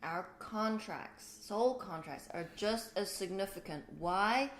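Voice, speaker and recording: A middle-aged woman talks slowly on a spiritual livestream, moving between quiet and loud bursts and swearing freely. Her voice sits in an echoey room. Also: mid-range voice, slight background noise. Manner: emotional, swearing, swings from soft to loud. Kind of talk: casual spiritual chat.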